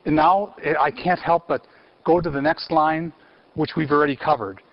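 A man giving a university theology lecture in an animated way, quizzing his audience and restarting phrases. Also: fairly high pitch, normal speed. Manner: animated, asks the audience questions, frequent restarts. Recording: muffled lecture recording.

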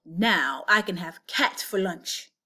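A woman's voice: lowish voice, animated, takes it slowly, pushed and bright, slightly rough, heavily acted. A woman reading aloud and voicing a big, hungry male ogre in a storybook. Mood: gloating.

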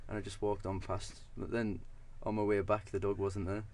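A young man co-hosting a podcast, telling an absurd story in a deadpan way with halting restarts. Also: on the low side, slight background noise. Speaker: podcast co-host.

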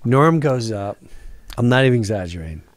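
A man's voice: mid-range voice, expressive, brisk, dry recording. A man, a comedian, telling a long story on a podcast, acting out other people's lines and swearing freely.

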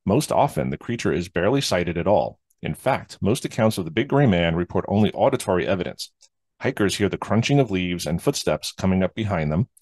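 A man's voice: low voice, expressive, fairly quick, darkish tone, no echo, studio quality. A man hosting a podcast, talking casually and rambling with lots of fillers. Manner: rambling, many fillers and restarts. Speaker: podcast host.

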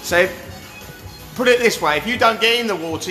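A man's voice: high voice, lively intonation, brisk, long pauses, pushed and bright. Hyped hot tub salesman. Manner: pushy, hyped, calls out to viewers, keeps asking "yeah?". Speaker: hot tub dealer hosting a giveaway livestream. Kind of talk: live-stream sales pitch. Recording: echoey room with music behind.

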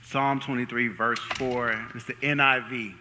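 A young man preaching a sermon in a church, lively and joking as he hypes up the congregation. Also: medium pitch, measured pace, slight background noise. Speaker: pastor. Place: church sanctuary. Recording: long reverb of a large hall.

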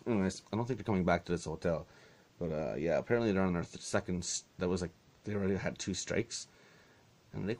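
A man's voice: sits low, quick pace, vocal fry. A man telling a story in a casual vlog, exasperated and sarcastic, swearing freely. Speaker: vlogger.

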